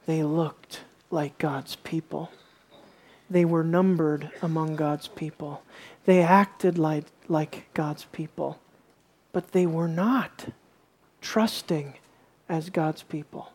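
A woman's voice: low-pitched, steady tone, slow, a little mellow, slightly rough. A woman preaching a sermon, reading scripture aloud with emphasis and asking her listeners questions.

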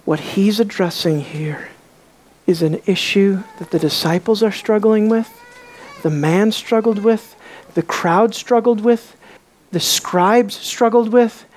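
A woman preaching a sermon, emphatic and full of rhetorical questions, dropping to a hush on key words. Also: mid-range voice, slow.

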